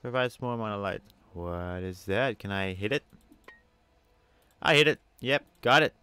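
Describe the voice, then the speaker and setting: A man narrating his play of a video game, excitable and chatty with viewers, swinging between loud outbursts and soft muttering. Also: lowish voice, normal speed, smooth, dry recording. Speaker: gamer. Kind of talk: let's play commentary.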